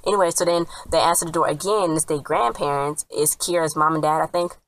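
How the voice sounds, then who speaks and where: Low-voiced woman chatting through a recap. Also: fast talker, rough recording. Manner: rambling, chatty retelling that quotes characters often. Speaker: TV episode reviewer. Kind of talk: casual spoken recap.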